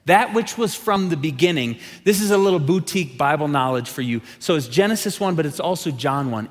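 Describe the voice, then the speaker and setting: Man, pastor, sermon, lively storytelling, fairly high voice, long church reverb. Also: moderate pace, hardly any pauses. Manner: lively, animated storytelling with quoted characters. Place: large church sanctuary.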